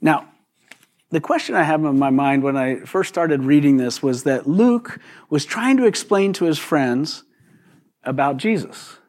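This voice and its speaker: A man preaching a sermon in a relaxed, conversational way, often putting questions to the congregation. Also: on the high side, a little slow. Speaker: pastor.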